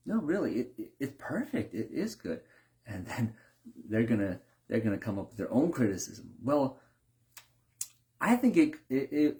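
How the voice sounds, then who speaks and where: A man speaks in a relaxed, reflective monologue, thinking out loud with fillers and restarts. His voice sits low and carries a gravelly fry. The tone is mellow and dark rather than bright. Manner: acts out quoted cooks in higher voices, many fillers and restarts. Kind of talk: casual monologue.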